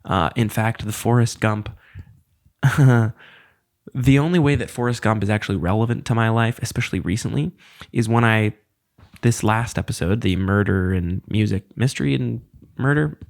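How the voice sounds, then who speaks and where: Man around 30, solo podcast host, lowish gravelly voice, rambling and self-deprecating. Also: normal speed. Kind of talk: casual solo podcast monologue.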